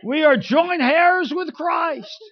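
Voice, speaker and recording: A man playing a weepy, fervent male preacher who draws out his words and shouts from the pulpit, on a dull lo-fi recording. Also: very high-pitched, dry recording, pitched above the performer's own voice. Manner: slow, drawn-out pulpit shouting.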